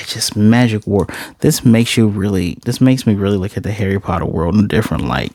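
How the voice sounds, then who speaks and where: A man reviewing an anime episode, recapping the plot in a casual, animated way. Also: lowish voice, no echo, studio quality. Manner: animated, chatty storytelling.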